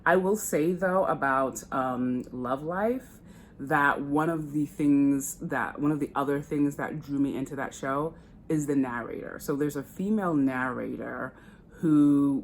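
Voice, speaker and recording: Getting ready on camera, this woman from the United States, a beauty vlogger, talks openly and swears casually in a get-ready-with-me chat. Her voice is low, with slight background noise.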